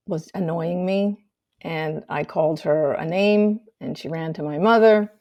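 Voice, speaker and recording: An older woman hosting a talk show, telling her own childhood story in a candid, measured way and dropping to a soft hush on painful memories. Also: fairly low pitch. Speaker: host sharing her story. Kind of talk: personal storytelling, reflective monologue.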